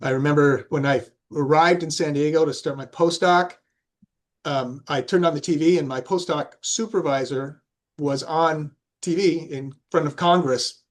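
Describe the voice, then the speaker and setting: A man with a fairly high voice recalls his research career on a university panel. He talks in a halting, reflective way, often stopping to restart his sentences. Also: fairly even intonation. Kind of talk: panel discussion.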